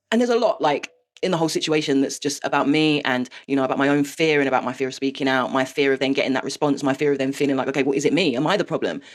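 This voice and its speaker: Brief: woman, vlog confessional, rapid and blunt, curses freely. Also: very deep voice. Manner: frank and swearing, with rueful laughs. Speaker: vlogger. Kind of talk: candid confessional monologue.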